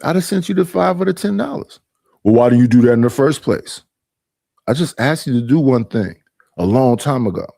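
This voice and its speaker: A middle-aged man rants on a livestream, aggrieved and repetitive, going over the same point again and again. His voice is dark and mellow, and the sound is dry and close. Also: medium pitch, lively intonation, fairly quick, vocal fry, no echo. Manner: aggrieved, repetitive, mimics others in quoted voices. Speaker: streamer. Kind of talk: casual livestream rant.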